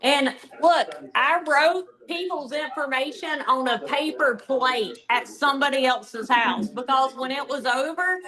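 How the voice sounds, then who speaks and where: A woman's voice: high-pitched, a little slow, hardly any pauses, crowd noise. A woman giving blunt, commanding sales coaching in a direct, no-nonsense way. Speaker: sales team trainer. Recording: roomy echo.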